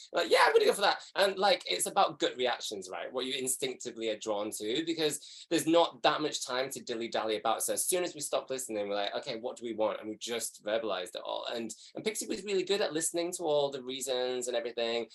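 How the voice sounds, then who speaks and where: A man with a Yorkshire accent from West Yorkshire, chatting as a guest in a relaxed interview, giggling and jumping up high when he quotes people. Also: a little fast, hardly any pauses. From West Yorkshire, England. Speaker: guest, drag performer. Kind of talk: casual interview chat.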